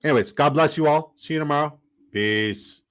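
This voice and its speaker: A young man casually telling his viewers a long story, animated and rambling, with lots of "like". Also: on the high side, normal speed, clean tone. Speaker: fantasy football streamer.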